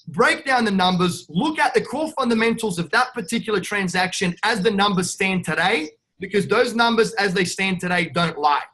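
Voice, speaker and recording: A man's voice: high-pitched, pushed and bright. A man with an Australian accent being interviewed on a podcast, brash and upbeat, calling the host "mate" again and again. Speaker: guest real estate investor.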